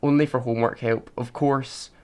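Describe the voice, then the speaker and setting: Male podcast co-host, argumentative, mid pitch, casual chat. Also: steady tone, moderate pace, darkish tone, clear, resonant tone. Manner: argumentative, reads out facts.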